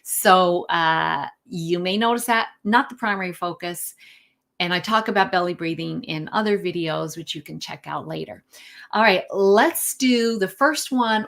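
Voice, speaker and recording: A woman wellness coach leading a live-streamed breathing lesson from her phone, relaxed and guiding, with fillers and small self-corrections. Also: on the low side.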